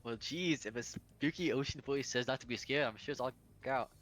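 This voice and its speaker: A man with a bright, forward voice reads a dating game's narration aloud and riffs on it between lines. He laughs a lot as he goes, in a loose, casual playthrough. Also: medium pitch, brisk. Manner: laughs often, reads narration then jokes about it. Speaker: player reading a dating game aloud. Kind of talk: casual game playthrough, reading and riffing.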